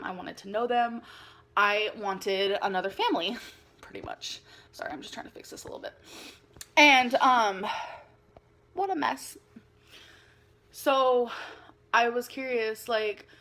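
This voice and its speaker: A woman with a bright, sharp and fairly high voice talks straight to her viewers in a casual vlog. She rambles, giggles often and leans on "like" between thoughts. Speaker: vlogger. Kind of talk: casual confessional vlog talk.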